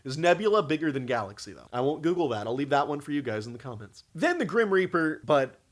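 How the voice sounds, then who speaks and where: A young man giving sarcastic comedic commentary on a cheap animated movie. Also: fairly high pitch, fast. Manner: sarcastic, mocking. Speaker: youtuber reviewing a movie.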